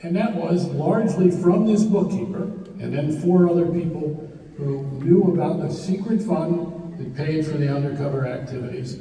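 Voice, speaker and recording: A man's voice: fairly high pitch, moderate pace, warm tone, far from the mic. An older man, a journalist, recounting a detailed story with quoted dialogue at a live public talk. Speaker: journalist and panel speaker. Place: event hall with audience. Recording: echoey hall recording from afar.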